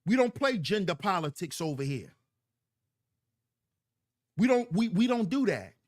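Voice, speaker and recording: High, lively man preaching on a livestream. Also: unhurried. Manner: preachy, emphatic, repeats lines for effect. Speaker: livestream host. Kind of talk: livestream commentary reading chat.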